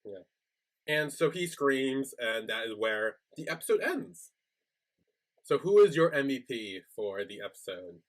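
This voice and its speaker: A man's voice: medium pitch, big pitch swings, unhurried. A man co-hosting a podcast, chatting casually as he retells a show's episode and acts out the characters' lines. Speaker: podcast co-host. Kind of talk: casual recap chat.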